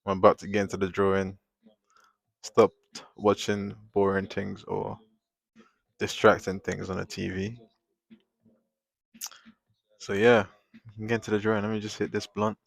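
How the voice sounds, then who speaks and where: A man chatting casually on a live drawing stream, rambling and venting in animated bursts at a desk microphone at home. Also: lowish voice, unhurried, gravelly, pauses often, dry recording. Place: home, at a table.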